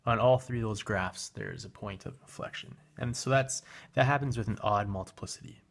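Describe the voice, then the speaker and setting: A man's voice: fairly low pitch, fairly quick, creaky. A man teaching a recorded math lesson, talking while he works a graphing calculator and correcting himself as he goes. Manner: relaxed, talks while working a graphing calculator, with fillers and self-corrections.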